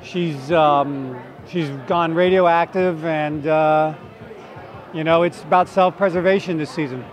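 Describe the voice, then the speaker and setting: A man's voice: a little high, steady tone, unhurried. Playful man with a New Jersey accent. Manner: playful, flirty, joking. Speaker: actor guest. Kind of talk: red carpet interview. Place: outdoor red carpet event. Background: crowd chatter.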